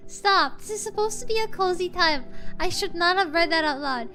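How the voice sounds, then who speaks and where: A woman streamer chatting casually while she plays, rambling and correcting herself, with sudden excitable outbursts. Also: very high-pitched, fairly quick, soft background music. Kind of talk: casual gameplay stream chat.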